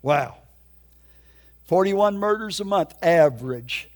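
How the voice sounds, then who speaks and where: A man's voice: high-pitched, expressive, slow pace. An older man preaching his testimony in an emphatic, folksy storytelling way. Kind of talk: sermon testimony.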